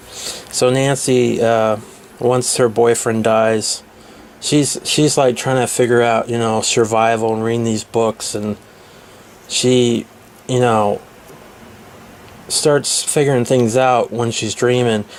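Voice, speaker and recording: A man retelling a movie's plot in a casual review, halting often with filler pauses. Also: medium pitch, little pitch movement, slight background noise. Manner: hesitant, many filler pauses.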